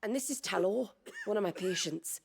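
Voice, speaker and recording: A woman's voice: medium pitch, normal speed, vocal fry, slight background noise, close to an everyday voice. An actress playing a caring village healer who earnestly explains her patient's illness in video game dialogue. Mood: concerned.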